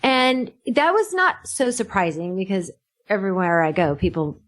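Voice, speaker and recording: A woman's voice: mid-range voice, moderate pace. Middle-aged woman, casual storytelling chat, laughs a lot, quotes people. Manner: animated, laughing, acts out quotes. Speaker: podcast guest.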